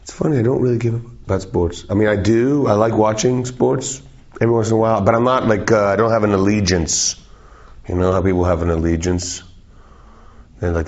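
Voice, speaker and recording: A man's voice: on the low side, steady tone, a little fast, a little mellow, highs cut off. A man in his forties from South Africa, chatting loosely in an interview, rambling, joking and swearing freely. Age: 40s. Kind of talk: casual interview chat.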